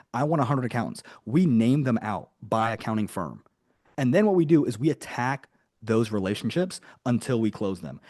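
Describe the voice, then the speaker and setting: A man running a live online coaching lesson for business owners, talking in an energetic, chatty way with many asides. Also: mid-range voice, no room sound, clean studio sound.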